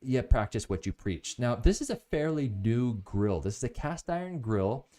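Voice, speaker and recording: Mellow-voiced enthusiastic man reviewing products. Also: medium pitch, sing-song, moderate pace. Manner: enthusiastic, rambling storyteller. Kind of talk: casual live product review.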